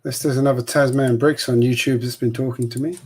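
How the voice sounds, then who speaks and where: A man's voice: medium pitch, steady tone, fairly quick, breathy edge. A man with an Australian accent hosting a live building stream, chatting casually and rambling with filler words.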